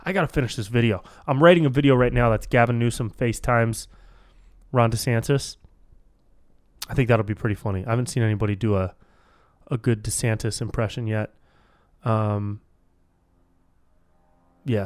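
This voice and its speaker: A podcast host with a medium-pitched voice freestyles alone on a podcast microphone, rambling casually, swearing freely, and calling everyone dude. His intonation is fairly even, his speed normal, with long pauses and no room sound.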